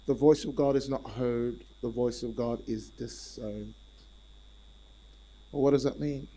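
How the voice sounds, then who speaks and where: A male preacher giving a sermon in an animated, repetitive way and calling out to the congregation. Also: medium pitch, a little slow, rough recording.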